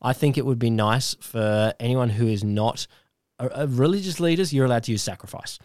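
A man's voice: medium pitch, fairly quick, a little mellow, no room sound, studio quality. A man co-hosting a casual chat podcast, growing heated and tripping over his words as he argues. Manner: heated, stumbling restarts when worked up. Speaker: podcast co-host.

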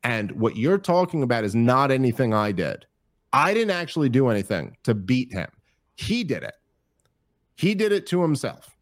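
A man talking as a podcast guest in casual chat, animated, profane and rambling. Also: mid-range voice, normal speed, no room sound, studio quality.

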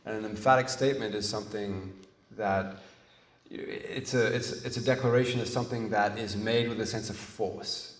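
Earnest low-voiced preacher in an echoey room. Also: male voice, fairly even intonation. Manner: earnest, emphatic, with frequent restarts and pauses. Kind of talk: sermon. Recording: echoey room, mic at a distance.

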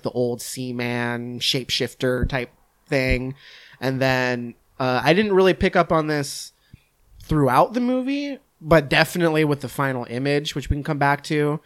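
A man talking films in a loose, rambling way, full of fillers and offhand swearing. His voice sits at an ordinary middle pitch. It has an easygoing chat feel. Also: smooth. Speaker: podcast host discussing films. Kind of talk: casual chat.

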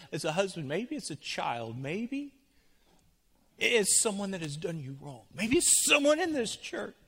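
Male pastor, sermon, bright ringing tone, church hall echo, hushed to urgent. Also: sits high, gravelly, breathy edge. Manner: swings from soft and hushed to loud and urgent. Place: church sanctuary.

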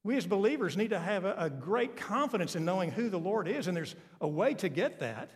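A man's voice: sits high, sing-song, a little fast, big-room sound. A man preaching a sermon as pastor, retelling a story and repeating key phrases for emphasis.

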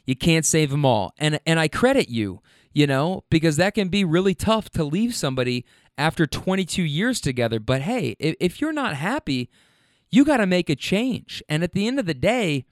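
A man hosting a casual monologue, animated and frank, swearing freely as he retells a conversation. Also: a little high, no room sound, studio quality.

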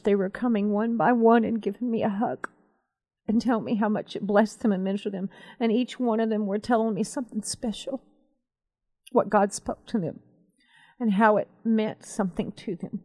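A woman co-hosting a Christian talk show, telling a story in an animated, emphatic way. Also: mid-range voice, fairly quick. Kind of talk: conversational faith talk.

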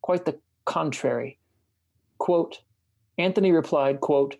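Measured man reading a book aloud. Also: a little high, a little mellow. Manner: reflective, measured, slows down on key words. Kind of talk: casual chat and reading a book passage aloud.

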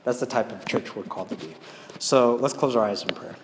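A man's voice: fairly low pitch, a little fast, slight background noise. Man preaching in an echoey hall. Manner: conversational, often checks in with "right?". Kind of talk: storytelling sermon and prayer. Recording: echoey hall with long reverb.

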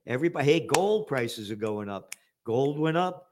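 An older man from the Bronx, hosting a news commentary show in a profane, combative manner that breaks into shouting. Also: on the high side, moderate pace. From the Bronx, New York. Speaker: host of a trends news show.

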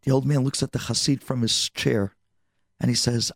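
A man tells a story on a radio show, with animated, expressive delivery. His voice is gravelly and husky, at an ordinary pitch. The recording is dry and close, with no room sound. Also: moderate pace, dry recording.

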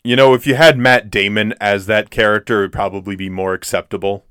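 A male podcast co-host speaks a little fast in a fairly low, clean voice that is a bit bright, with fairly even intonation. He rambles through a casual movie chat full of fillers and restarts. The recording is dry and studio quality.

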